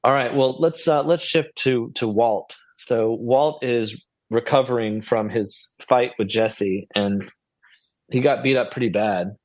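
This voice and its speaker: A man's voice: mid-range voice, unhurried, dry recording. A man co-hosting a podcast, chatting casually and musing through a TV episode recap, rambling and asking questions. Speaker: podcast co-host.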